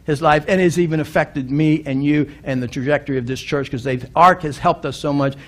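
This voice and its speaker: A man's voice: a little high, fairly quick. A middle-aged male pastor preaching a sermon, telling a story earnestly and building to emphatic appeals, often restarting and repeating words.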